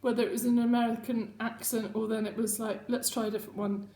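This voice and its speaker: Woman host, chatty and rambling, pitched a bit high, in an echoey room at home. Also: flat delivery, quick pace, dark tone. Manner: chatty, rambling, self-mocking. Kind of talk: casual chat.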